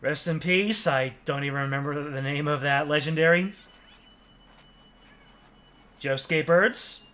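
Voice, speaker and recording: A man's voice: fairly high pitch, a little slow, pushed and bright. A man streaming a game, chatting casually and joking while sometimes reading the game's text aloud in a put-on newscaster voice. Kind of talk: casual let's-play commentary.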